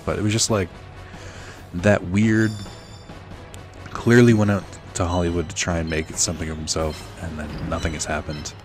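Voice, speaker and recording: Young man, very deep voice, rambling sardonic gamer storytelling, faint music behind. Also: flat delivery, moderate pace. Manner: rambling, sardonic, many fillers and "like"s. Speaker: let's play host. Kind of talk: casual storytelling while gaming.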